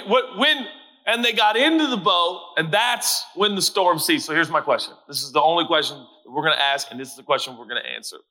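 Man pastor, sermon, high bright voice, dramatic shouts and hushed asides. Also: animated, brisk. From Portland, Oregon.

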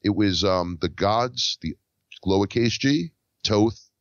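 Man guest, low voice, lively storyteller who acts out dialogue, dry and dull lo-fi sound. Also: slow, no echo. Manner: animated, acts out quoted dialogue. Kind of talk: casual storytelling.

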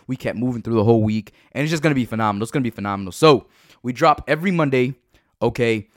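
An energetic man hosts a motivational podcast from home, pushing his listeners to say affirmations with him. His voice sits at a middle pitch, and the recording is close and dry. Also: racing, no room sound. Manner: energetic, hyped, urges listeners to repeat affirmations. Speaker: podcast host.

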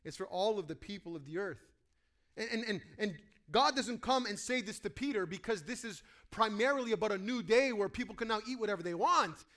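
In an energetic sermon, a pastor voices the people he quotes and quizzes his congregation. He has a high-sitting voice and talks a little fast.

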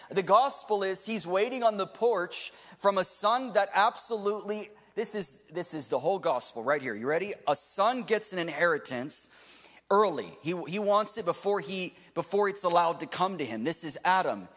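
A man in his thirties preaching a sermon to a live congregation, swinging from loud to hushed. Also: high voice, expressive, moderate pace, long reverb tail. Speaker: pastor. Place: church hall with live audience.

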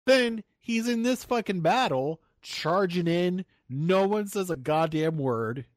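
A man's voice: sits high, animated, takes it slowly, no echo, clean studio sound. A young man co-hosting a casual podcast chat, ranting animatedly with swearing and mock quotes. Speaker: podcast co-host.

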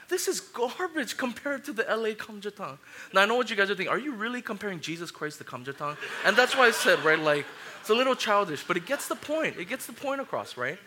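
Animated, bright-voiced male preacher. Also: high-pitched, quick pace. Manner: animated storytelling preacher, swinging from loud and lively to quiet and somber. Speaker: pastor. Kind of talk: sermon.

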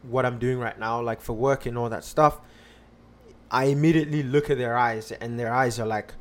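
A man's voice: mid-range voice, fairly even intonation, normal speed. A man on a podcast casually telling a personal story, rambling with lots of fillers and restarts.

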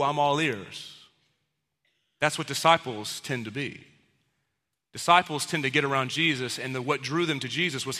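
Male pastor, higher-pitched and very bright, casual preaching, echoey hall. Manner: casual conversational preaching with playful acted-out quotes. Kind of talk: sermon. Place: church auditorium with live congregation.

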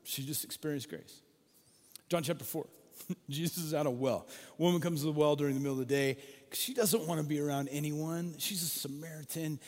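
A male pastor preaching a sermon, telling stories in an animated way and acting out the voices in them. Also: on the high side, fairly quick. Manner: animated storytelling, acts out quoted voices. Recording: long hall reverb.

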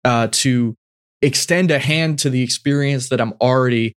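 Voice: mid-range voice, normal speed, clean tone. A podcast host answering a guest's story in an affirming, reflective way, speaking in long, flowing thoughts. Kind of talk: casual conversational reflection.

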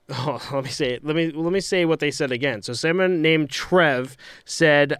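A man's voice: fairly high pitch, unhurried, a bit bright, clear, resonant tone, no room sound, clean studio sound. A young man co-hosting a casual sports podcast, rambling and trailing off between thoughts. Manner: rambling, trails off, acts out quotes. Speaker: podcast co-host. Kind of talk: casual hockey chat.

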